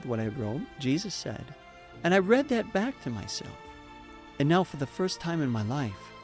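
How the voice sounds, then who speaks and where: A man's voice: on the high side, darkish tone. A man telling his personal testimony in an earnest, emotional way, with preacher-like emphasis. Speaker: speaker giving a personal testimony.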